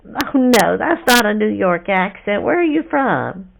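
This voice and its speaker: A woman's voice: mid-range voice, sing-song, a little slow, vocal fry, rough recording. A woman playing a sassy churchgoing woman who bluntly calls out a phone scammer. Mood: suspicious. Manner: blunt, teasing, suspicious. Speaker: scam baiter. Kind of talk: prank phone call.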